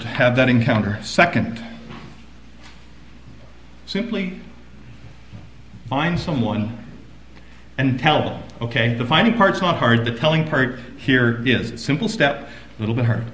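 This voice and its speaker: High-voiced male preacher, echoey room. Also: slight background noise. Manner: dramatic swings from loud emphasis to hushed asides. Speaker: pastor. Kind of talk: sermon.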